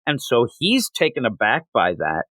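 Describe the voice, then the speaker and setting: A man hosts a casual comic book review podcast, walking through the story in a loose, rambling way. He keeps breaking into quick character voices, and his pitch jumps around as he gets excited. The recording is dry and close, with no room sound. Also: no room sound. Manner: rambling, animated recap with playful quoted voices.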